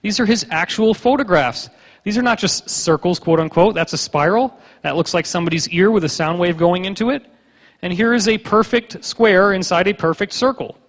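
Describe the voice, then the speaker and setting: A man's voice: sits high, moderate pace, fairly bright tone. A man giving a conference lecture with slides, a joking, sarcastic storyteller who acts out the people he quotes. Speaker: conference speaker. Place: conference hall. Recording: long hall reverb.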